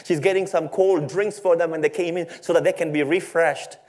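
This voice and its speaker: A man's voice: on the high side, fairly even intonation, brisk, darkish tone. A male pastor preaching a sermon in a storytelling way, with rhetorical questions and playful asides to his congregation.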